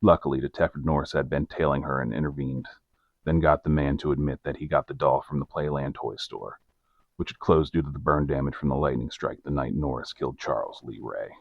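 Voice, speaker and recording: Very deep gravelly-voiced man narrating. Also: fairly even intonation, brisk, no echo, highs cut off. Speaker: podcast co-host narrating the case. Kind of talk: mock true-crime narration with banter.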